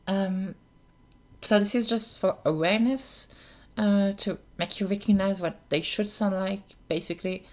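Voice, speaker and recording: Sitting close to the camera mic, a woman who coaches voice walks through technique in a casual tutorial, hesitating with frequent ums and apologetic asides. She has a mid-range, darkish voice and a measured pace.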